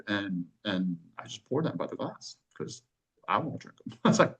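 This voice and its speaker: A man hosting a wine club chat, casually telling a long story, swearing and acting out other people's lines in quick bursts. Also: low-quality recording. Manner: animated, swears, acts out quoted voices with big pitch jumps.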